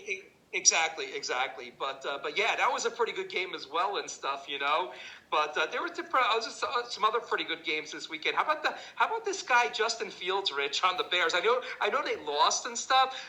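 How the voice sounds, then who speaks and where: A man with a bright, forward voice talks football in a loose, rambling way. He hesitates, restarts his sentences, and keeps tacking "and stuff" onto the end of them. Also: high-pitched, poor audio. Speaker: sports show co-host. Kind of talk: casual sports chat.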